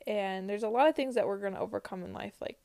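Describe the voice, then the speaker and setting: A young woman in her early twenties talks earnestly about her faith and personal growth. Her voice has plenty of vocal fry, and her talk is loose and casual, with "like" dropped in all the time. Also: medium pitch, fast, dark tone. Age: early 20s. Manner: earnest, uses many "like" fillers. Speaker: vlogger.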